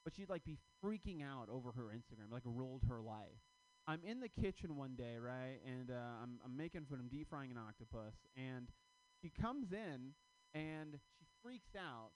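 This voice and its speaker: A man in his thirties doing a stand-up comedy set, telling stories with loud, acted-out quotes. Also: medium pitch, normal speed, slight background noise, low-quality recording. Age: 30s. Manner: loud, animated storytelling with shouted acted-out quotes.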